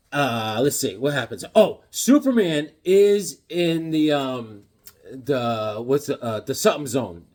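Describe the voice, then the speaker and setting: Middle-aged man, casual rambling vlogger, lively swooping delivery. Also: on the high side. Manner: rambling and enthusiastic, many fillers. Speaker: comic book vlogger. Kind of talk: casual chat.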